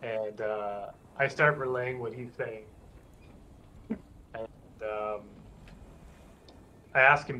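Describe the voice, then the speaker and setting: A man's voice: medium pitch, slow pace, pauses often. Male player, casual, hesitant, faint background hiss. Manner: hesitant, fumbling with rules, relaxed. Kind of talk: casual tabletop play.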